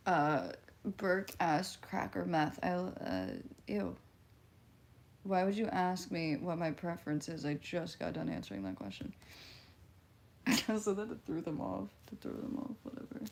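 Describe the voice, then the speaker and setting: A woman's voice: lowish voice, sing-song, measured pace, a little mellow. A woman in her twenties, chatting casually on a livestream as she reads and answers chat, laughing often. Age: 20s. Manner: giggly, chatty, reacts to chat messages. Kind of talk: casual live-stream chat.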